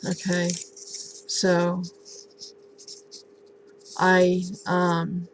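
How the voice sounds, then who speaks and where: A woman casually showing and explaining a handmade album in a relaxed, halting way, with many ums and restarts. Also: lowish voice, noisy background. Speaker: crafting vlogger. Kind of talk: casual show-and-tell craft tutorial.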